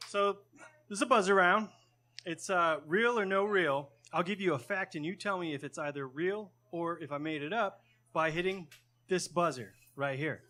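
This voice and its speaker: A man co-hosting a live pub trivia show, running a buzzer round and explaining the rules briskly. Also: high voice, sharp tone. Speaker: co-host of quiz. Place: pub stage with live audience.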